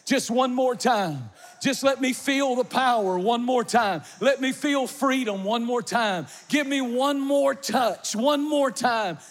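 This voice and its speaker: A man preaching voices a broken, blind strongman slowly pleading with God for strength. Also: very high voice. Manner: slow, pleading, repeated phrases. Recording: long reverb of a large hall.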